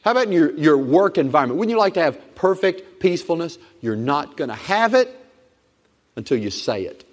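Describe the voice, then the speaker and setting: A man's voice: fairly high pitch, big pitch swings, a little fast. A middle-aged man preaching a sermon as pastor, emphatic and repetitive, exhorting his congregation. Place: church sanctuary. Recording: long reverb of a church hall.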